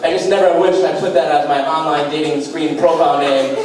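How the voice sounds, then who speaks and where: A young male comedian delivers deadpan one-liners with a slightly high voice. He sounds distant from the mic, and the small club around him rings with a heavy echo. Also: fairly quick, hardly any pauses, a loud crowd. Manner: deadpan one-liners with self-deprecating asides. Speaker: stand-up comedian. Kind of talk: stand-up comedy set. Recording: echoey club heard from far off. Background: faint beatbox and room noise.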